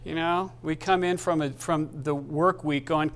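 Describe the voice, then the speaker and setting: A man preaching a sermon as pastor, speaking haltingly and with feeling, with many restarts, into a microphone. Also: a little high, fairly even intonation, fairly bright tone.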